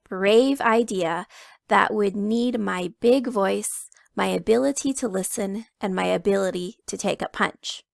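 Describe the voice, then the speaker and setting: A woman reading a picture book aloud to children, telling it in the first person with expressive emphasis. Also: mid-range voice, gravelly, no echo, studio quality. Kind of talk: read-aloud storytelling.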